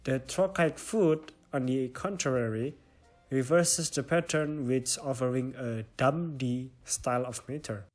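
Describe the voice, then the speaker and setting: A young student with an Indonesian accent reads out a stylistics presentation, walking through it one step at a time. He talks unhurriedly in a mid-range voice, with soft music playing in the background.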